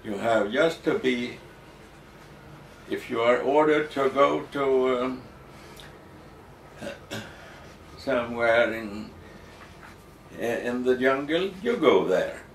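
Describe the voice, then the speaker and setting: A man answering interview questions slowly and hesitantly, with frequent ums and restarts. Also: medium pitch, animated. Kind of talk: halting explanatory interview answers. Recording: echoey room, distant mic, faint noise.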